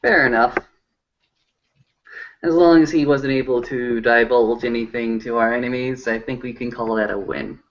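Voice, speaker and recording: A man playing a tabletop role-play game, speaking in character in a formal, measured way. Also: medium pitch, fairly even intonation, fairly bright tone, dull audio. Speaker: player.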